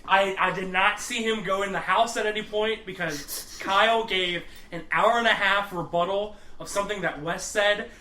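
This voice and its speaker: Bright high-voiced man, echoey room. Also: fairly even intonation, normal speed. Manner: rambling storyteller, swears freely. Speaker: podcast co-host. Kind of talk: casual chat.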